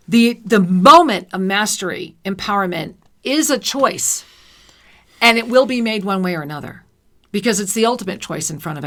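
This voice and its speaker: A woman's voice: mid-range voice, a bit bright. A woman co-hosting spiritual talk radio, effusive and sing-song, giving intuitive readings to callers. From New Jersey. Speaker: radio show co-host and intuitive reader.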